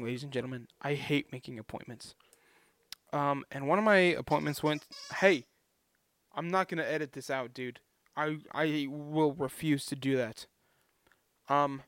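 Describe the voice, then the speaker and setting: A man's voice: on the high side, no echo. A young man vlogging in a casual, rambling way, chatty and self-deprecating.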